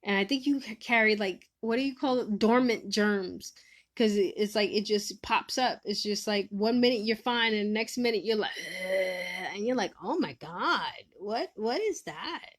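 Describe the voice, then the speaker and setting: A woman runs a casual stream where she offers advice and jokes with her chat, often laughing and swinging from loud to soft. She speaks at a normal speed with a medium pitch and fairly even intonation.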